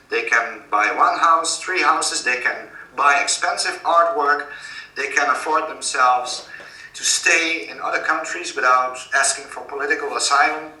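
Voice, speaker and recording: A man's voice: a little high, normal speed, bright, forceful tone. A man with a Dutch accent giving earnest, urgent warnings in a remote interview, with many fillers. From Netherlands. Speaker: guest. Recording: roomy, distant call audio.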